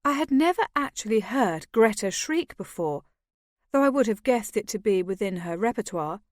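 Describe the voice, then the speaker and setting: A woman narrating an audiobook at a middle pitch, with a measured storytelling manner. The recording is dry and close, with no room sound. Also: lively intonation, no room sound. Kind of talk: scripted narration.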